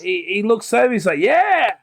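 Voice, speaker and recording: A man's voice: high voice, a little slow, vocal fry, soft background music. A young man narrating a tabletop game as game master, rambling with fillers and laughing often.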